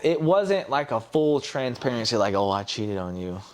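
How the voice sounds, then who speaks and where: A man's voice: mid-range voice, sing-song, normal speed. A young man, a podcast guest, telling a personal story candidly and acting out what others said. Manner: candid, retells scenes with quoted voices. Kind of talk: casual storytelling.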